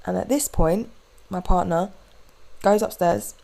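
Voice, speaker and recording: A young woman hosting a podcast, telling a story in an animated, indignant way with quick asides. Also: lowish voice, gravelly, low-quality recording. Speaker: podcast host. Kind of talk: casual storytelling monologue.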